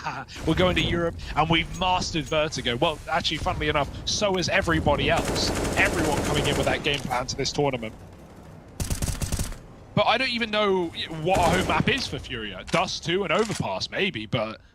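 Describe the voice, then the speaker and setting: A man's voice: fairly high pitch, noisy background. A man commentating a live esports match, with a playful, joking manner.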